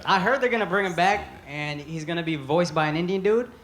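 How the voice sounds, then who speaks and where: Brisk and a little high, this thirties-aged man delivers punchy, brash, profane stand-up comedy from a club stage. The live recording sounds roomy and carries crowd noise, and the audience laughs loudly throughout.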